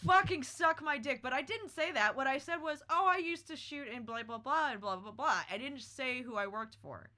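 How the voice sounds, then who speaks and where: A woman's voice: sits high, expressive, fairly quick, few pauses, bright, forceful tone. A woman hosting a podcast, telling a story in casual chat with a brash, profane, dramatic manner. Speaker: podcast host.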